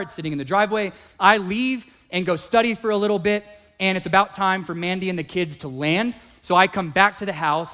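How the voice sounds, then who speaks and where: A male pastor with a rather high voice delivers a sermon, telling his story in an animated way. He acts out the other people's voices as he goes, and his pitch swings high when he gets excited.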